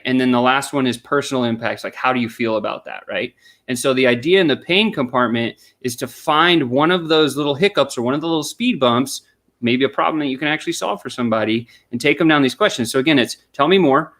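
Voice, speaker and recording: A male sales consultant guest, whose medium-pitched voice is a bit bright, breaks down a sales method step by step during a conversational interview. Along the way he performs sample questions and the replies to them.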